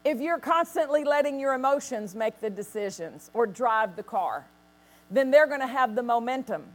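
A woman pastor preaching a sermon, telling stories with lively quoted voices and bursts of acted laughter. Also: on the high side, moderate pace.

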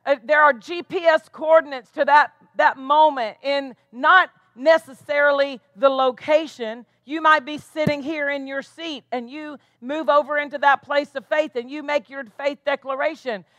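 A woman's voice: sits high, fairly even intonation, normal speed, few pauses, fairly bright tone, no echo. A woman pastor preaching a sermon with emphatic delivery, tossing questions back to the congregation. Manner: emphatic preaching with call-and-response asides.

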